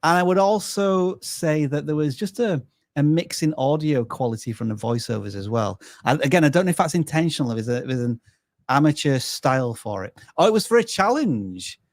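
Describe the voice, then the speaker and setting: Measured man hosting a live review. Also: on the high side, animated, no echo, studio quality. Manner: measured, thinks aloud with small restarts. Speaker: host reviewing channels live. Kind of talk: casual live-stream review.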